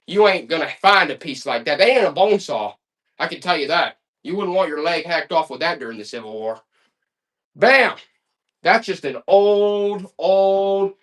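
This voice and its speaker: Excitable male auction-stream pitchman. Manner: excitable, hyped-up pitchman with loud exclamations. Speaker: live online auction host. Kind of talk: live-stream selling patter.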